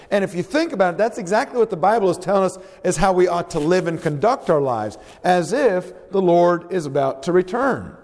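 A man's voice: high-pitched, darkish tone, in a large hall. A man preaching a sermon, earnest and exhorting, putting questions to the congregation.

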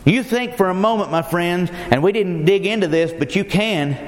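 A man preaches in a fairly high voice, driving his point home with question after question and speaking to the congregation as friends. His words ring through a large hall, trailing a long reverb behind every phrase. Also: animated, normal speed. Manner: emphatic, rhetorical questions, addresses listeners as friends. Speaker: pastor. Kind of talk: sermon.

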